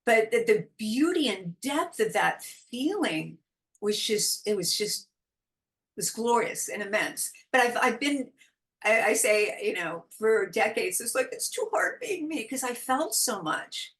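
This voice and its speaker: A woman talking as a guest in a relaxed interview, expressive and quick to laugh. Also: medium pitch. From California. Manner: expressive, animated, laughs often. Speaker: podcast guest, intuitive guide. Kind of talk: casual interview chat.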